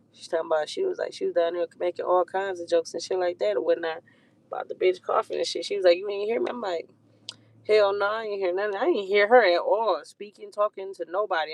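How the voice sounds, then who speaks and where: Young adult, rambling profane storytime, animated delivery, dry close sound. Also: medium pitch, fast, gravelly, no room sound. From Detroit. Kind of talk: casual storytime monologue.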